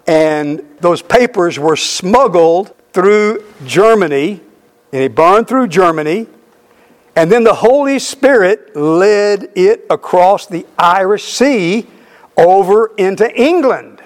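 Man, middle-aged, preacher, high voice, emphatic storytelling sermon. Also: expressive, takes it slowly. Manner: storytelling, emphatic with repeated phrases.

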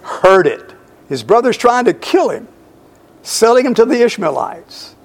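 A male pastor preaching slowly through a Bible passage, stressing key words and repeating lines for emphasis. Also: very high voice, sing-song. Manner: slow, emphatic Bible exposition. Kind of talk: sermon.

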